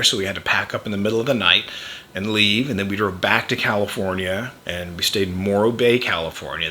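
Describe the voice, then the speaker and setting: A man's voice: lowish voice, pushed and bright, slight background noise. An older man, a podcast host and chiropractor, telling a personal story in a rambling, anecdotal way with wry chuckles.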